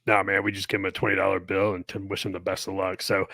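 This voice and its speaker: A man's voice: low-pitched, completely flat delivery, fast, creaky, bright, forceful tone. A man who retired from the army, co-hosting a podcast and chatting in a laid-back way, often repeating himself while thinking. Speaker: podcast co-host, retired soldier. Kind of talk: casual chat.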